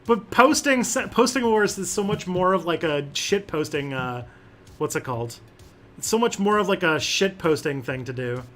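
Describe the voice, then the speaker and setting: A man's voice: high voice, animated, moderate pace, fairly bright tone, slight background noise. A man hosting a casual livestream and answering chat questions, rambling with lots of fillers and restarts.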